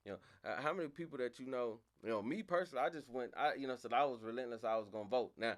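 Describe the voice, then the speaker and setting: A man and father hosting a casual talk stream, telling a long story and swearing freely, his voice climbing higher and louder when he gets worked up. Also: very fast, crowd noise. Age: adult, father of a young daughter. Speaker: podcast host.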